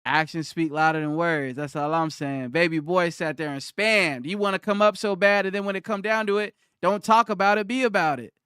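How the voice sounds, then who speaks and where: A man's voice: high voice, fairly quick, hardly any pauses, pushed and bright, clear, resonant tone, dry recording, studio quality. A man on a live stream, ranting back at his chat in a combative, mocking way and hammering the same points over and over. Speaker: livestreamer. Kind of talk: livestream rant answering chat.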